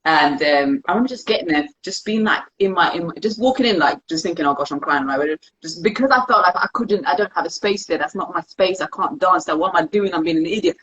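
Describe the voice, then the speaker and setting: Talking fast with hardly any pauses, a young woman with a lowish voice opens up candidly as an interview guest, animatedly quoting her own thoughts. She practices dance, and the casual conversation is captured on a dull, lo-fi recording.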